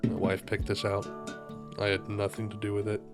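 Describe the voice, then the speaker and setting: A man's voice: fairly low pitch, monotone, normal speed. A young man chatting casually while reacting to music, rambling and correcting himself with joking asides. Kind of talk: casual chat.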